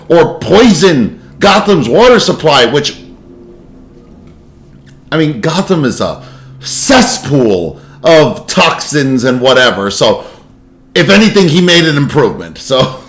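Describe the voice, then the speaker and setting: Male reaction host, high and lively voice, casual and profane commentary. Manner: animated, laughing, swearing asides. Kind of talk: casual commentary over a video.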